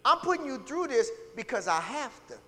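A man's voice: very high-pitched, very animated, moderate pace, bright, forceful tone, a little hiss or hum, voice pushed up, exaggerated voice. A man preaching a sermon, voicing God as a firm, loving father explaining his discipline. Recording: reverberant hall.

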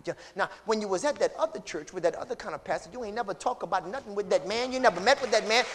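High-voiced pastor preaching in reverb. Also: male voice, quick pace, few pauses. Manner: call-and-response preaching, swings from loud to hushed. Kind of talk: sermon. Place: church sanctuary. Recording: long church reverb.

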